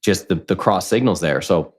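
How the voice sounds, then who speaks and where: A man in his thirties, a podcast guest, telling a personal story in casual conversation, candid and animated, acting out what others said. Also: deep voice, moderate pace, husky. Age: 30s. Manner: candid, animated, quotes people in lively voices.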